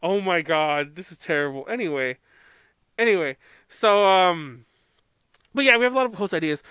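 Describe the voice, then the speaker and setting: A man's voice: high voice, lively intonation, normal speed, sharp tone, clear, resonant tone, no room sound. An American man co-hosting a podcast in casual chat, rambling, laughing often and swearing freely. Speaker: podcast co-host.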